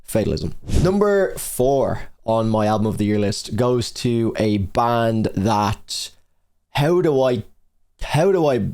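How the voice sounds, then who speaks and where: A man's voice: mid-range voice, animated, slow, darkish tone. A young man counting down his favorite albums in a casual, rambling way, full of fillers and swearing. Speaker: music reviewer.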